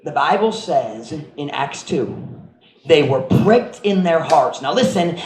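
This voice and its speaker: A middle-aged man preaching a sermon as pastor, animated, acting out voices and sound effects and mixing in Cebuano phrases. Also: on the high side, takes it slowly. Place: church sanctuary. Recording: echoey church room with faint noise.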